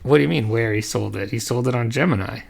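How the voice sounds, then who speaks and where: A man's voice: medium pitch, quick pace, vocal fry, a little mellow, breathy edge. A man co-hosting a podcast, talking bluntly and casually with frequent laughs and swearing. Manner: blunt, profane, laughs often. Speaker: podcast co-host.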